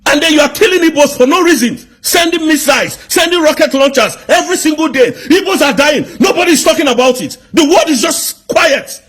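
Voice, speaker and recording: A man's voice: extremely high pitch, expressive, brisk, few pauses, a bit bright. A man with a Nigerian accent delivering an angry political rant, firing off indignant rhetorical questions. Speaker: commentator.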